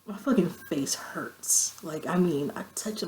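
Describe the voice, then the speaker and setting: A woman's voice: unhurried, a little hiss or hum, low-quality recording. A woman telling a long, profane story in a casual vlog, acting out quoted friends with her voice. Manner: animated, profane, acts out quoted friends with pitch jumps. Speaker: vlogger.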